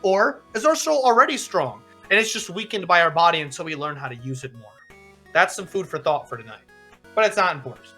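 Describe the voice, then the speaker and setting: Streamer as a lively, bright-voiced combat teacher. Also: medium pitch, fairly quick, soft background music, voice pushed down. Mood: lecturing. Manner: lively lecturing with rhetorical questions. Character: strict male combat teacher, lecturing, dry humor. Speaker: game master.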